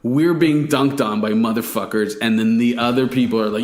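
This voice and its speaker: A man's voice: medium pitch, steady tone, moderate pace, a little mellow. Lol just a guy on a podcast, swears a ton, talks blunt, kinda echoey room. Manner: profane, blunt, ranting. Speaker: podcast co-host. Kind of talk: casual podcast chat.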